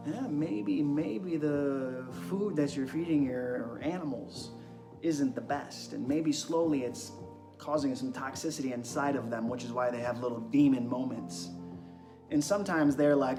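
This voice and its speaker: A young man with a fairly high voice hosts an energetic wellness monologue, throwing excitable rhetorical questions at his viewers. His voice bounces around an echoey room. Music plays clearly behind him. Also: normal speed. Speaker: host.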